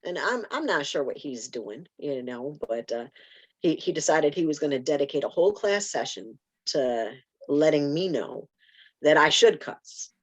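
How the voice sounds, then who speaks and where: A woman guest on a podcast, chatting casually and telling animated stories with frequent restarts. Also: low-pitched, moderate pace, slightly rough. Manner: animated storytelling with repeated restarts. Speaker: podcast guest, spoken word writer.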